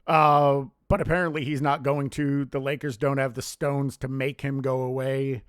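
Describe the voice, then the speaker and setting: A man's voice: mid-range voice, flat delivery, moderate pace, clean tone, no echo, clean studio sound. A man delivering a heated, profane solo rant as a sports commentary vlogger, scornful and blunt. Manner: heated, profane, contemptuous ranting.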